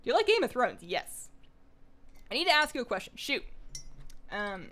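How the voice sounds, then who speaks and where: A young woman talks casually on a live game stream, rambling from thought to thought and poking fun at herself. Her voice sits a little high. She reads viewer comments aloud between tangents. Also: sing-song, moderate pace, pauses often, a bit bright. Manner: rambling, self-deprecating, reads chat aloud. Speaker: gaming streamer.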